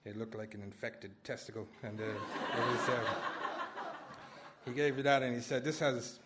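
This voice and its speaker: A man's voice: mid-range voice, fairly even intonation, moderate pace, very noisy. A man performing a comic personal story at a live story slam, rambling and self-mocking, laughing through his lines. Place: small live venue indoors.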